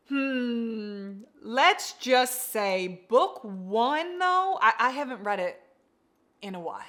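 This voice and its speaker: A young woman chatting casually about books she loves, gushing, excitable and swearing freely. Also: medium pitch. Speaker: book vlogger. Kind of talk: casual book review chat.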